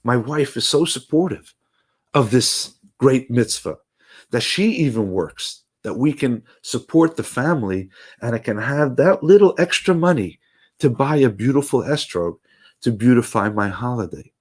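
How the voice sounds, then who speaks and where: A man telling a religious story at an ordinary pitch, lively and animated, sometimes stumbling and restarting as he goes. His delivery is that of a teacher giving a daily message. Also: moderate pace, husky.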